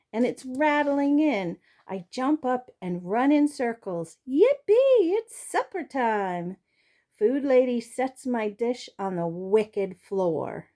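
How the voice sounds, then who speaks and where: Slow, mellow woman reading a storybook. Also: mid-range voice. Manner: expressive, storytelling delivery. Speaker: reader. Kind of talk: reading a children's chapter book aloud.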